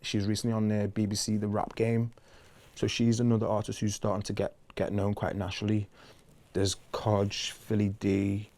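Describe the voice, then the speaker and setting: A man, chatting casually as a musician guest in an interview, relaxed and loose with lots of fillers. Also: fairly low pitch, normal speed.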